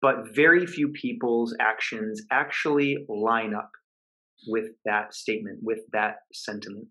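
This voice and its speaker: A man, a coach and podcast guest, recounting a story in an earnest, measured way with pauses. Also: on the low side, steady tone, bright, forceful tone, rough recording. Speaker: guest, high-performance coach. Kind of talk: storytelling interview answer.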